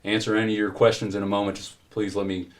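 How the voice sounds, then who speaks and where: A man voicing a small-town male police officer trying to calm an angry crowd. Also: fairly low pitch, quick pace, natural voice. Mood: placating. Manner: soothing, pleading.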